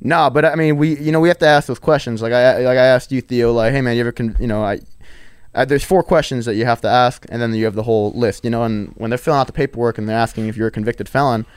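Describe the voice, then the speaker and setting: A man on a podcast as a guest, chatting casually and telling lively stories about his work at a gun store, acting out the people he meets. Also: medium pitch, quick pace, smooth, no room sound, clean studio sound. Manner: animated, acts out customers in stories. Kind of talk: casual chat, storytelling.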